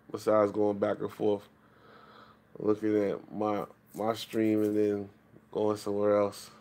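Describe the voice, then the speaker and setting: A man's voice: medium pitch, vocal fry, a little mellow. A man ranting profanely to his chat on a late-night livestream. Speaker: live streamer. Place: home, at night.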